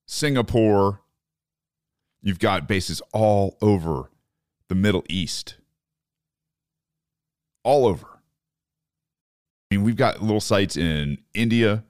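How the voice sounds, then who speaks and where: A man's voice: fairly low pitch, clear, resonant tone, no echo, clean studio sound. A man hosting a political podcast, ranting in profane disbelief about current events. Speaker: podcast host. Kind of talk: opinionated political commentary.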